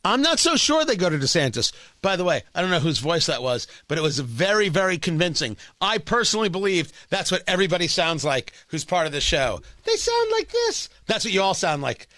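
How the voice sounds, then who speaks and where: A man's voice: fairly high pitch, animated, a little fast, hardly any pauses, sharp tone, no echo, studio quality. A man hosting political talk radio, giving emphatic, opinionated commentary and repeating phrases for effect.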